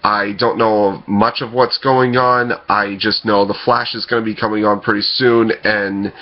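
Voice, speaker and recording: A man hosting casual film news commentary, rambling and hesitant, often pausing on fillers and correcting himself. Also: lowish voice, level tone, dull audio. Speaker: podcast host.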